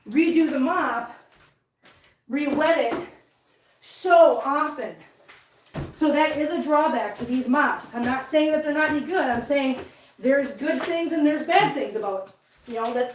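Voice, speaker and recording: A woman's voice: high voice, a little hiss or hum. A woman chatting casually to her live viewers while mopping her living room, out of breath from the work. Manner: chatty, coaxing pets in a soft voice. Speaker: cat vlogger. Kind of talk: casual live-stream chat while cleaning. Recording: roomy, distant from the mic.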